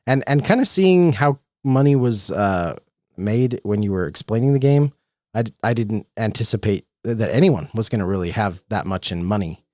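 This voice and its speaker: A man's voice: on the low side, expressive, normal speed, dark tone, no echo, studio quality. A man co-hosting a casual board game podcast, rambling with restarts and frequent chuckles. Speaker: podcast co-host. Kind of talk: casual chat about board games.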